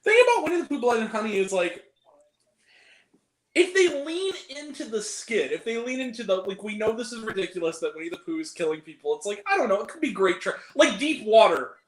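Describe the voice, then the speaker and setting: A young man chats about movies on a live stream, animated and quick to laugh, often dropping into silly voices to quote people. His voice sits high and swings widely in pitch. The room around him is noticeably echoey. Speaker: movie review co-host. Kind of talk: casual live-stream chat.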